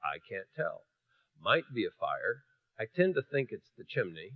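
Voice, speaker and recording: A man's voice: fairly low pitch, normal speed, no echo, narrow, tinny audio. A man preaching with humor, telling a story and acting out the voices of its people. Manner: animated, acts out voices, shifts from hushed to loud.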